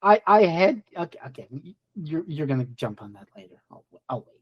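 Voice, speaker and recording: A woman co-hosting a podcast in casual chat, animated and swearing freely. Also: low voice, fairly quick, husky, dull audio. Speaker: podcast co-host.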